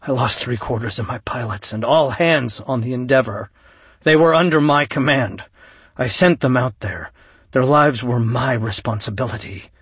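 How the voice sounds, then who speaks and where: A man playing a grieving, guilt-ridden male fleet commander in an audiobook, speaking in a low, broken murmur with a husky voice. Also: normal speed, fairly bright tone, dry recording.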